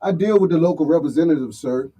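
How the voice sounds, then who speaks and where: High, bright-voiced man ranting casually. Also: fast, husky, rough recording. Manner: heated, blunt, swearing. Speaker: livestream host. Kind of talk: profane casual rant reading comments.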